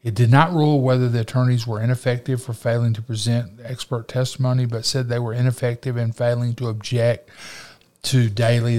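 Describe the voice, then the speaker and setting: A man's voice: mid-range voice, darkish tone. A man hosting an interview show, talking conversationally and asking leading questions. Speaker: show host. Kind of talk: casual interview.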